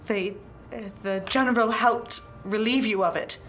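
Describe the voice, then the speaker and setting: A woman voicing a protective adventurer who gently reassures a wounded companion. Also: a little high, moderate pace, a little hiss or hum, close to an everyday voice. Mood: soothing.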